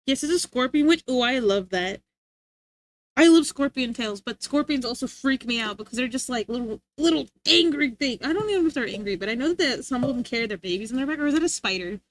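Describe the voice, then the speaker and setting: A woman's voice: sits high, expressive, fast talker. A young adult woman livestreamer chatting casually, rambling and giggling as she reads chat aloud. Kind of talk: casual live-stream chat.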